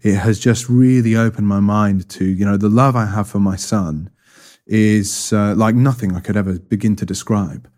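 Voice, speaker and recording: A man's voice: lowish voice, steady tone, moderate pace, a little mellow. A man giving a reflective personal testimony in an interview, thoughtful and hesitant, with many fillers and restarts. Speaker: interview guest.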